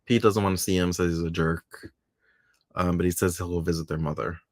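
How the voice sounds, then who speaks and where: Deep-voiced chatty man recapping a soap. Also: steady tone, a little fast, dry recording, clean studio sound. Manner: chatty, laughs often, quotes characters in voices. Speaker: podcast co-host. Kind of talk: casual recap chat.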